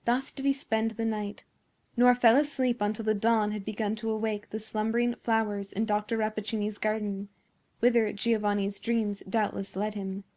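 A woman narrating a classic story in a measured, expressive reading. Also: mid-range voice. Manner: measured, expressive reading of old-fashioned prose. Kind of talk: scripted narration.

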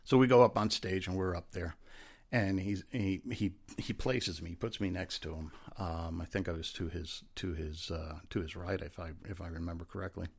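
A former police officer tells a rambling story in a laid-back, casual chat, acting out what people said. His voice is low, with fairly even intonation and a normal speed.

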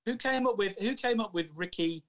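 A man's voice: sits high, brisk, fairly bright tone. A man co-hosting a podcast, teasing his partner and telling rambling anecdotes with frequent restarts. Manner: rambling, teasing, restarts while recalling details. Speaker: podcast co-host.

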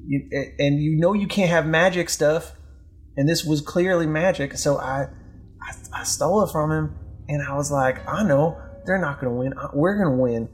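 A man's voice: a little high, normal speed, a little hiss or hum. A man playing a tabletop game, stammering and rambling, with exaggerated wails. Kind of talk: in-character play, casual.

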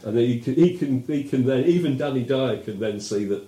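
A man with a mellow, dark tone co-hosting a political chat podcast. He talks in a rambling, hesitant way and laughs often. The recording has a noticeable room echo. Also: medium pitch, a little fast. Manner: chatty, hesitant, lots of fillers and laughs. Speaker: podcast co-host.

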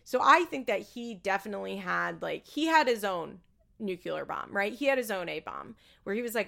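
A woman's voice: mid-range voice, lively intonation, normal speed, gravelly, bright, forceful tone. A woman chatting casually as a podcast host, opinionated and swearing freely, acting out what others said in bigger voices. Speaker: podcast host recapping a reality show. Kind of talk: casual chat.

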